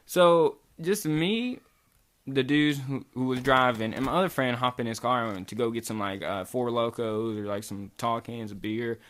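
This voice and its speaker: A man's voice: mid-range voice, normal speed, fairly bright tone. Young man telling a rambling story. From Kentucky. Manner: loose, rambling, swears a lot. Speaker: vlogger. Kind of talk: casual storytime.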